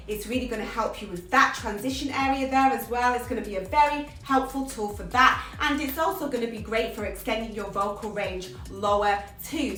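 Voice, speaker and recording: A woman's voice: on the high side, a bit bright. A woman vocal coach giving an upbeat, emphatic lesson on singing technique to her viewers. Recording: roomy sound from a distance, faint music.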